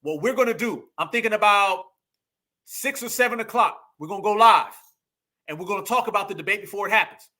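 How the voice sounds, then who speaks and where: A man's voice: high-pitched, fairly quick, bright, forceful tone. Fired-up man preaching a political rant. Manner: preachy, emphatic, repeats phrases for punch, profane. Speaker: political commentary host.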